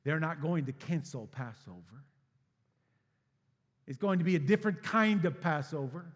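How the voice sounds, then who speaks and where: A man preaching a sermon as pastor, swinging from hushed, low passages to loud, emphatic bursts. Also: lively intonation, normal speed. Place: church sanctuary. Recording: long hall reverb.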